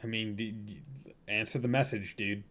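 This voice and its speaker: A man's voice: on the low side, fairly even intonation, normal speed, fairly bright tone, slight background noise. A young man casually commenting on his gameplay as a streamer, rambling and joking with lots of filler words. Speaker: gaming streamer. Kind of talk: casual let's-play commentary.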